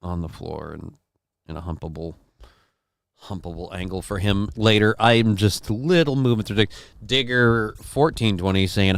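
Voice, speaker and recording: A man's voice: lowish voice, lively intonation, moderate pace, a bit bright, smooth, dry recording, clean studio sound. A man hosting a casual livestream from home, reading out viewer comments in a rambling, profane, self-deprecating way. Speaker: livestream show host.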